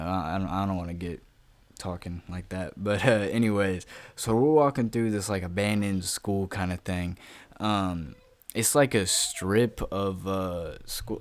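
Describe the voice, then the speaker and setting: A man's voice: low-pitched, dry recording. A young man telling a personal story on his vlog in a loose, rambling way, full of fillers, casual swearing and self-mocking laughs, recorded at home.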